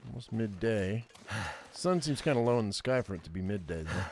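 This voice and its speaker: A man's voice: fairly low pitch, expressive, a little fast, a little mellow. A man giving casual gameplay commentary, muttering his thoughts aloud and making chatty asides to viewers.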